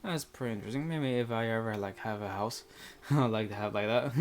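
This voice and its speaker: A man's voice: fairly low pitch, fairly quick. A man reading a visual novel aloud with casual, rambling commentary full of fillers.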